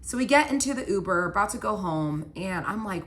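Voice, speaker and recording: A woman's voice: medium pitch, lively intonation, fast talker, hardly any pauses, fairly bright tone. A woman telling a personal story in a casual storytime style, chatty and full of "like", talking straight to her viewers. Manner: chatty, heavy use of "like"; addresses the viewers directly.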